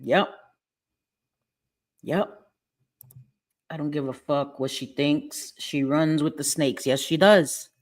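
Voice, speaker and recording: A woman's voice: low-pitched, takes it slowly, pauses often, a little mellow. A middle-aged woman hosting a livestream, angry and profane, repeating herself as she talks to her chat. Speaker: livestream host. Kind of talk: heated livestream rant. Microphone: webcam or phone.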